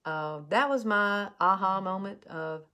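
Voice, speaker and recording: A woman tells a heartfelt personal story while doing a makeup tutorial, in an earnest, halting way. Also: medium pitch. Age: 50s. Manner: earnest and heartfelt, with halting restarts and soft drop-offs. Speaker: beauty vlogger.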